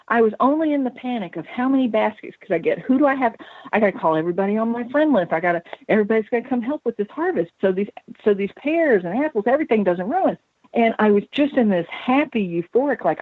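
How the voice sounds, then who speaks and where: A woman who is an author and paranormal researcher, telling a story as a guest on a talk radio show in an animated way. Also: mid-range voice, normal speed, no room sound. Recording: tinny phone line, dry.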